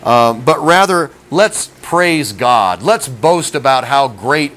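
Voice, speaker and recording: A man's voice: mid-range voice, lively intonation, slow pace, a bit bright, rough recording. A middle-aged man preaching a sermon in a folksy, conversational way, often asking his listeners questions. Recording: faint background noise.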